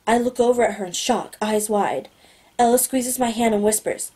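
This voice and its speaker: A woman narrating a novel in the first person, steady and plain. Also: on the high side, moderate pace, slightly rough. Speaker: audiobook narrator.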